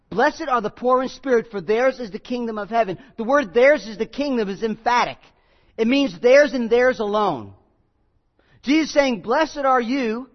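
A man's voice: high-pitched, muffled recording. A man preaching a sermon as pastor, earnest and emphatic, voice rising and dropping.

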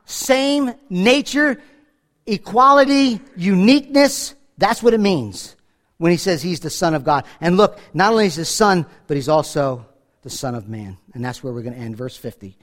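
Man, middle-aged, from New York, pastor, high voice, conversational sermon, acts out scripture lines. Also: animated, fairly quick, fairly bright tone. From New York, USA. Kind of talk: sermon, Bible teaching.

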